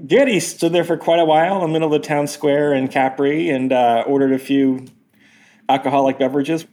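A man who is an editor-in-chief, chatting on a podcast in a laid-back, deadpan way. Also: on the high side, a little fast. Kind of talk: casual podcast chat.

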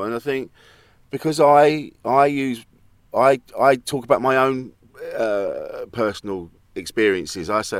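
A man's voice: fairly low pitch, moderate pace, a bit bright, dry recording. A man, a comedian and podcast guest, telling personal stories openly and often quoting himself. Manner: open, anecdotal, quotes himself often. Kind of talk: casual conversation.

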